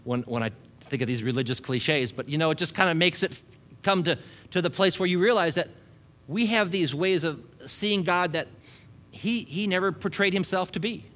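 A man's voice: sits high, normal speed, a bit bright. Chuckling male preacher. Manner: preaching with frequent chuckles, building repetitive lists. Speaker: pastor. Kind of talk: sermon.

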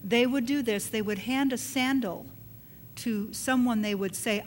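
A woman's voice: a little high, unhurried, a little hiss or hum. Explanatory woman co-teaching scripture. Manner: explanatory, affirming with brief murmurs. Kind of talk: Bible study teaching.

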